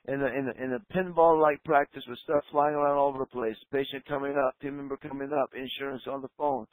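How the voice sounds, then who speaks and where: A man coaching dental front-desk staff in a training talk, emphatic and slowing down to stress key points. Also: mid-range voice, steady tone, no room sound, phone-quality sound. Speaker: practice coach.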